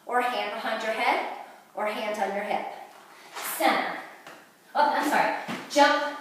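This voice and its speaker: A woman's voice: fairly high pitch, a little slow, a little hiss or hum. A woman fitness instructor demonstrating a workout, calling out each move as she does it and getting out of breath. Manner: cueing moves while exercising. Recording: very echoey room from far off.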